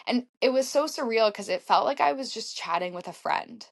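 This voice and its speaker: Woman, 30s, podcast guest; animated casual storyteller, mid-pitched, acts out her own lines. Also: fairly quick, few pauses. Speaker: podcast guest, marathon runner.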